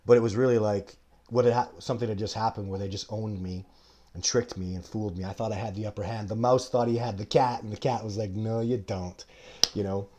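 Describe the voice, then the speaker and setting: In a lowish, warm voice with fairly even intonation, a man in his forties speaks fast while hosting a live show. Answering viewer questions casually on the stream, he rambles emphatically, drifts off on tangents, and occasionally coughs.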